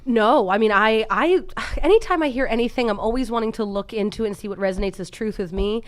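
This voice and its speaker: A woman co-hosting a podcast, telling stories in an excited, emphatic way and swearing freely. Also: fairly high pitch, fast talker. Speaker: podcast co-host. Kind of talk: casual podcast chat.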